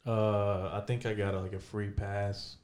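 A man's voice: lowish voice, level tone, measured pace, a little mellow. A man hosting a podcast in casual chat, teasing his guests with crude jokes. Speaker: podcast host.

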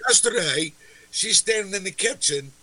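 A man's voice: sits high, animated, normal speed, sharp tone, dry recording, rough recording. A man telling raunchy anecdotes in casual podcast banter, acting out the quotes. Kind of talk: crude storytelling.

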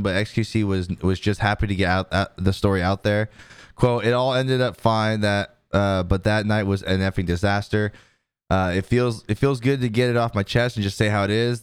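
A man's voice: on the low side, clean tone, no echo. A man hosting a podcast, casually reading news articles aloud with frequent ums and restarts. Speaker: podcast host.

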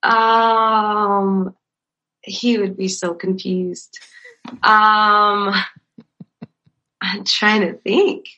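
A woman's voice: medium pitch, very slow, pauses often, lo-fi sound. A young woman in ministry telling funny church stories in casual chat, acting out quotes and laughing often. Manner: animated, acts out quotes in a raised voice, laughs often. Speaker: ministry worker, guest.

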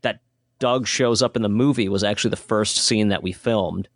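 A man's voice: lowish voice, moderate pace, no echo, clean studio sound. A man talking about his own horror film in a casual interview, earnest and rambling, often restarting his sentences.

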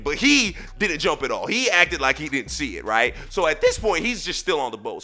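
A young man hosting a podcast, telling a dramatic story and working up to shouts. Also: on the high side. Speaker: podcast host. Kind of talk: animated storytelling.

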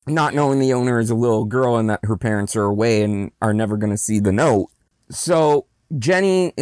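A man's voice: mid-range voice, a little mellow, no echo, clean studio sound. A man co-hosting a podcast, casually retelling a movie plot with frequent restarts and laughs. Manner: rambling, restarts, laughs often. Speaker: podcast co-host. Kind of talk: casual movie recap chat.

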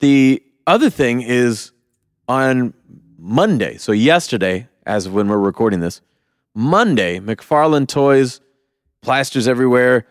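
A man's voice: medium pitch, animated, unhurried, dry recording, studio quality. A young man co-hosting a casual movie review podcast, ranting with lots of swearing and mocking the people he quotes. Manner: profane, heated ranting with mocking quoted voices. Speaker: podcast co-host.

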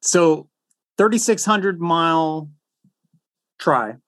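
A laid-back male podcast host who speaks slowly and a little high. His voice is dry and close-miked, and he laughs easily between remarks. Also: expressive, a bit bright, no room sound. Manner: laid-back, laughs often, says "dude". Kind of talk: casual interview chat.

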